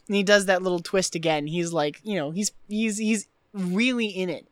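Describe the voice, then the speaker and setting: A woman co-hosting a casual podcast, retelling film scenes in an animated way with lots of "like" fillers. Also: lowish voice, moderate pace, hardly any pauses, dry recording. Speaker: podcast co-host.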